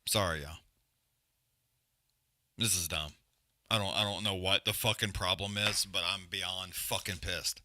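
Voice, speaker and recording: A man's voice: deep voice, steady tone, unhurried, pauses often, pushed and bright. A man hosting a livestream, giving casual, profane, rambling commentary on a fight and griping about stream glitches. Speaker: livestream host.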